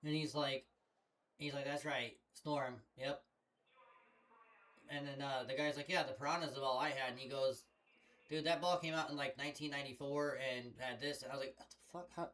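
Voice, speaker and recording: A man's voice: medium pitch, steady tone, moderate pace, a bit bright. A young man chatting casually on a headset mic, telling a long rambling story full of swearing. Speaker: streamer. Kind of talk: casual chat.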